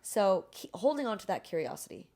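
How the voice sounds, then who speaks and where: A woman's voice: medium pitch, brisk. A woman, a business founder, talking candidly in a casual interview and acting out quoted conversations in different voices. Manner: animated, acts out quoted dialogue in shifting voices; candid and self-deprecating. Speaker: guest, beverage brand founder.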